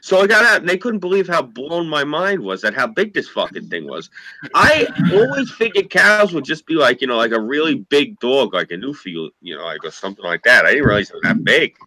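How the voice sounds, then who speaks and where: A man's voice: medium pitch, big pitch swings, fairly quick, pushed and bright, dry recording, low-quality recording. A man telling rambling, profane anecdotes in a casual chat, acting out what people said. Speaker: podcast co-host.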